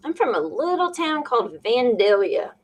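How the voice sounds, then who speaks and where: A woman's voice: a little high, a little hiss or hum. A woman from Illinois co-hosting a casual live chat, laughing easily. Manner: laughs easily, drawn-out relaxed delivery.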